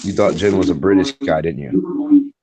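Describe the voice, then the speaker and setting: Low voiced guy teasing his buddy, lots of crowd noise behind. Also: huge pitch swings, moderate pace. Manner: teasing, short agreeing replies. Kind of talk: casual chat.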